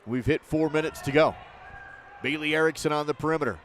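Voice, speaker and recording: A man calling basketball play by play in short, rapid bursts. His voice sits a little high, and it lifts when a shot misses. Faint noise hums underneath. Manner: rapid, clipped calls that rise on misses. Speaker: play-by-play announcer.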